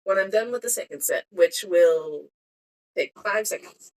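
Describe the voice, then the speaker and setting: Woman, casual stream chat, giggly, talks to herself, unhurried pace, phone audio. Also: mid-range voice, lively intonation. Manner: giggly, self-talking, trails off mid-sentence. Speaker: streamer making bead earrings. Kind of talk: casual live-stream chat while crafting. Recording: cellphone live-stream audio.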